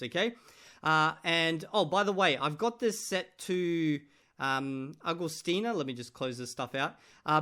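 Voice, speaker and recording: A man's voice: a little high, bright, forceful tone. Chatty upbeat male vlogger. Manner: chatty, jokey, addresses viewers as guys. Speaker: language-learning vlogger. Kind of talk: casual talk to camera.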